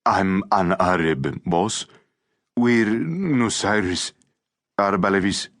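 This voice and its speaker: A man's voice: low-pitched, animated, slow, a bit bright, heavily acted. A man voicing a timid, tearful young orphan boy in an audiobook, speaking meekly and pleadingly. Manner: meek, pleading.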